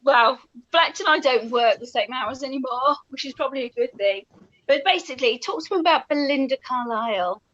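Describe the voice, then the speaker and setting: A high-pitched woman chats away, laughing as she tells rambling stories. The audio is dull and lo-fi. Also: brisk, a bit bright. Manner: bubbly, laughing, rambling storyteller. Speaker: radio presenter guest. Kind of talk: casual chat.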